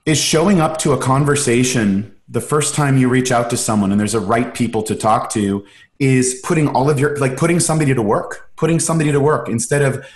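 A man's voice: mid-range voice, fairly quick. A man hosting a casual conversation, enthusiastic and rambling, often restarting his sentences. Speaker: host, acting coach. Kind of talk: casual video-call conversation. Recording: echoey room.

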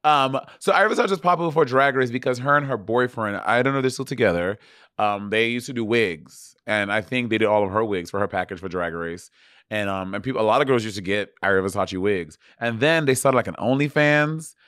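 Man, slight accent, sassy, quiet asides, dry close mic, casual podcast. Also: lowish voice, fairly quick, no echo. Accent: Caribbean-tinged accent. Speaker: podcast co-host. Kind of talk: casual banter.

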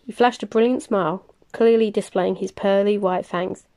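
A woman reading a novel aloud, plain and unhurried, with small slips she corrects as she goes. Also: medium pitch, steady tone, mellow. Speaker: reader. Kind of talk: audiobook-style novel reading.

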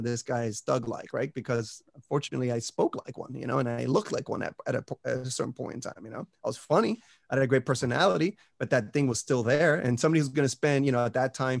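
A man with a gravelly, creaky voice, sitting in as a guest on a podcast. He talks with the drive of a motivational speaker and keeps checking in with his listeners as he goes. His voice sits at an ordinary male pitch and sounds dry and close. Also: fast talker, no echo. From Puerto Rico and the US. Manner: energetic motivational speaker, peppers talk with "right?" and "you know". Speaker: interview guest. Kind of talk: casual podcast conversation.

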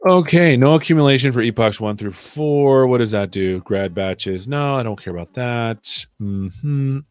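A man's voice: medium pitch, moderate pace, a little mellow, clear, resonant tone, no room sound. A man hosting a live coding stream, chatting casually and joking while he thinks aloud.

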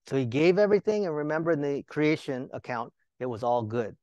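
A man's voice: a little high, animated, brisk, hardly any pauses, a little mellow, dry recording. A male Bible teacher giving a sermon, talking to the listeners with rhetorical questions and joking asides.

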